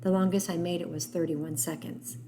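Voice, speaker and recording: A woman reading an audiobook voices a gruff, grieving older man who is kind underneath. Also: lowish voice, fairly even intonation, normal speed, noisy background, lightly acted. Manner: gruff, plain-spoken.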